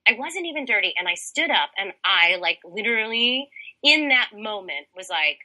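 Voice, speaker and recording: A woman in her thirties tells a personal story as a podcast guest, chatty and animated. Her pitch swings widely, and her voice is strikingly bright. She fills her speech with "like" as she goes. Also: moderate pace, poor audio. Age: 30s. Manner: animated, chatty, heavy use of "like".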